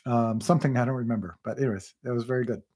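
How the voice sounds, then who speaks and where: A man's voice: mid-range voice, racing, warm tone. A man in his thirties co-hosting a casual livestream, greeting viewers and reading their comments aloud with frequent laughs. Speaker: livestream co-host.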